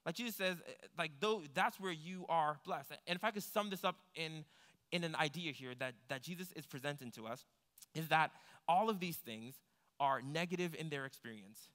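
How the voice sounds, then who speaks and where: Bright-voiced preacher in a reverberant hall. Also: male voice, a little high, normal speed. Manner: conversational preaching, rising to emphatic peaks. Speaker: pastor. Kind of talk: sermon. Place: church hall.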